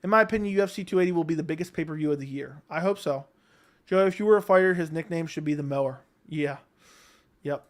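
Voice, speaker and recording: A man's voice: fairly high pitch, fast talker. Laid-back man reading his stream chat. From Baltimore, Maryland. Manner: relaxed, rambling, thinks aloud with many ums. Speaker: livestream host reading chat. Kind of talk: casual live-stream chat.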